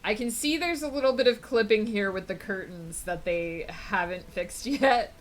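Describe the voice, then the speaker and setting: A woman's voice: medium pitch, normal speed, slight background noise. A young adult woman chatting casually on a live stream while she writes, rambling and full of fillers.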